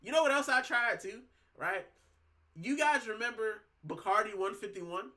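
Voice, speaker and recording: Bright high-voiced man telling stories. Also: normal speed. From Puerto Rico. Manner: slangy storytelling, keeps saying bro. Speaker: football channel host. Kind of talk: casual chat.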